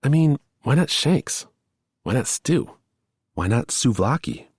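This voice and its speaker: A man's voice: medium pitch, lively intonation, darkish tone, husky, no room sound, pitched above the performer's own voice, exaggerated voice. A man reading a thriller audiobook, voicing an earnest, eager young woman who is a police rookie. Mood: wistful. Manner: eager, pleading, fast-rising emotion.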